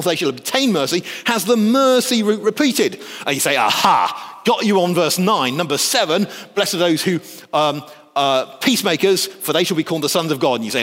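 A man from the north of England, giving a lively academic lecture with jokey asides. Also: high-pitched, in a large hall.

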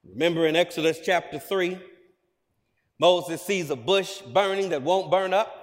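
At a measured pace, a male preacher with a high, emphatic voice works his sermon up to booming, ringing declarations. A big hall's lingering reverb carries the sound away.

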